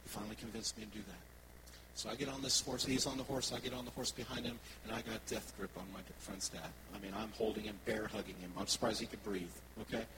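A low-pitched man delivers a sermon as a worship pastor, weaving personal stories into his message. He talks to the congregation in a conversational, animated way. Steady background noise is heard in the live church recording. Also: fast.

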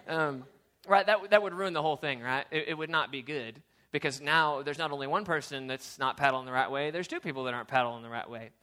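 A youth pastor giving a casual, storytelling sermon, chatty and animated, with lots of fillers and restarts. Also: male voice, on the high side, brisk, hardly any pauses.

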